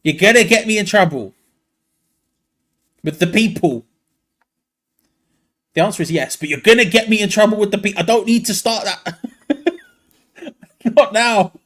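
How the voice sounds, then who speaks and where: Young man, fan watch-along host, light voice, animated and exasperated. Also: high-pitched, moderate pace, long pauses. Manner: animated and excitable, laughing, frustrated groans. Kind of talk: live fan commentary.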